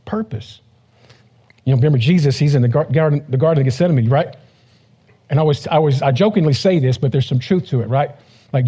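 A man's voice: medium pitch, mellow, slightly rough. A man who is a pastor, giving a casual, joking sermon and acting out the voices of people he quotes.

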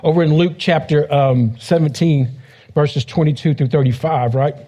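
Husky-voiced pastor preaching casually. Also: male voice, fairly high pitch, steady tone, normal speed, warm tone. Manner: conversational, joking, acts out quoted voices. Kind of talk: casual humorous sermon.

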